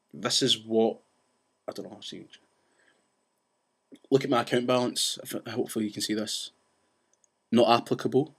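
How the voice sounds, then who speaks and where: Man, casual vlog rant, fast, rambling, restarts often. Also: medium pitch. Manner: says he talks fast. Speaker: vlogger.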